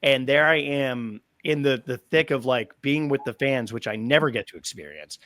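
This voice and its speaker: On a podcast where he's the interview guest, a stadium announcer in his thirties delivers lengthy, animated tales loaded with fillers. He talks at normal speed in a medium pitch, and there's no room sound.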